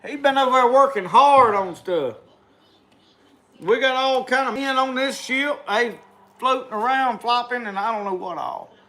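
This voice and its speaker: A man's voice: extremely high pitch, moderate pace, a bit bright. A middle-aged man with a Southern US accent hosting a casual livestream in a folksy drawl, closing with a spoken prayer. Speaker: livestream host.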